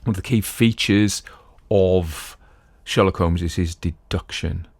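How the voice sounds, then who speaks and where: Man, middle-aged, low voice, dry close sound, rambling casual chat, podcast host at home. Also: measured pace, no room sound. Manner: rambling, digressive, chatty. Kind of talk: casual talk on classic literature.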